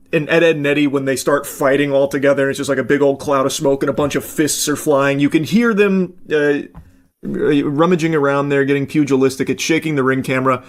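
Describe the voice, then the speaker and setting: Rambling man with a raised voice. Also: fairly high pitch. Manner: rambling, swears casually, jokey asides. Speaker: host. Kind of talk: casual reaction commentary.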